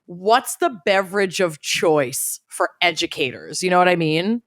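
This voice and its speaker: A woman co-hosting a casual podcast, chatty and jokey with an animated delivery, on a close mic. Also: lowish voice, measured pace, no echo. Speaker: podcast co-host.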